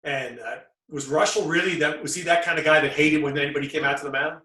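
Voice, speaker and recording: A man hosting a sports talk show, trading baseball stories in an animated way and laughing often. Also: a little high. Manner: animated, laughing, quick to jump into his own story. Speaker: sports broadcaster host. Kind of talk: conversational storytelling in a talk show. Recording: echoey room.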